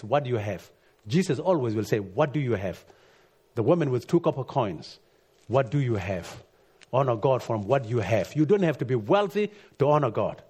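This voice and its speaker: Husky-voiced preacher, earnest and emphatic. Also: male voice, a little mellow. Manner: earnest, rising to emphatic peaks then dropping low. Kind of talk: sermon.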